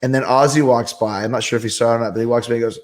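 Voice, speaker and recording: A man hosting a show, telling animated, profane anecdotes in casual chat. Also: medium pitch, very fast. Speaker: host. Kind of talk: casual storytelling.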